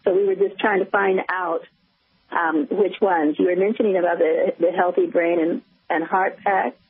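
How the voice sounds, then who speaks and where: A woman's voice: fairly low pitch, fairly even intonation, moderate pace, breathy edge, no echo. An American woman calling in to a radio show, hesitant and full of fillers. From United States. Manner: hesitant, many fillers and restarts. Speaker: caller. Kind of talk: phone-in call. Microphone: telephone. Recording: thin phone line on radio.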